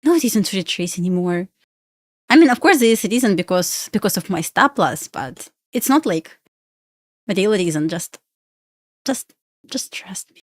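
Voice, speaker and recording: A woman's voice: mid-range voice, animated, normal speed, dry recording, clean studio sound. A young woman with a Russian accent chatting on a live trading stream, pleading with the chart and laughing often. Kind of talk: casual live-stream chat.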